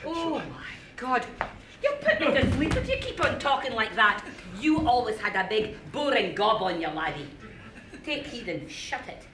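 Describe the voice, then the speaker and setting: A woman plays the bossy, teasing ghost of an old grandmother in a live stage play, scolding and mocking her grandson. Her voice is a little high with big pitch swings at normal speed. It's recorded from a distance on an echoey stage with faint noise.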